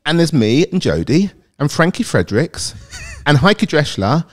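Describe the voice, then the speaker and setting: A man's voice: on the high side, sing-song, a little slow. A British man, a guest on a show, telling rambling anecdotes in casual interview chat with frequent laughter. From Britain. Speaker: guest, athletics fan and content creator.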